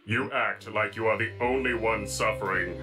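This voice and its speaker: A man voicing a stoic android who talks in a flat, formal way, heard as a show clip over music. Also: on the low side, normal speed, natural voice. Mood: stern. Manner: deadpan, formal, flat robotic diction. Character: stoic android, now just a severed head.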